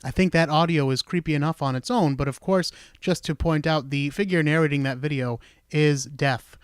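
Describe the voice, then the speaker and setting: A man hosting a podcast, talking in a relaxed, chatty way with casual swearing. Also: on the high side, moderate pace, clear, resonant tone, no echo, clean studio sound. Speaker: podcast host.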